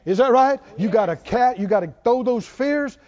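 Male preacher, high pitch, animated, muffled recording. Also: normal speed. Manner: animated, rising to near-shouts then dropping low. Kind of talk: sermon. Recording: dull lo-fi sound.

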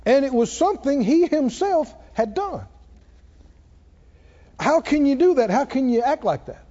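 A man preaching a sermon, swinging between loud, dramatic lines and hushed ones. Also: extremely high pitch, big pitch swings, a little slow. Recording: muffled sound with long hall reverb.

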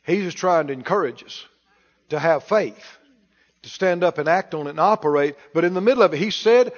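A man's voice: fairly high pitch, lively intonation, fairly quick, long reverb tail, dull audio. A male preacher giving a sermon and asking the congregation rhetorical questions.

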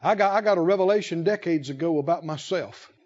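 A man preaching a sermon as pastor, emphatic and repetitive, building key phrases to shouts. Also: a little high, quick pace, muffled recording.

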